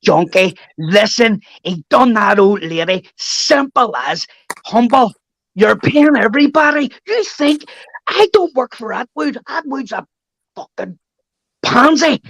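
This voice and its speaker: Northern Irish man, 30s, high voice, dry close sound, confrontational stream guest. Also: animated, unhurried, a bit bright, dry recording. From Northern Ireland. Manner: threatening, repetitive, keeps adding "mate". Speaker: guest on a live chat stream. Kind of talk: heated live-stream call-out.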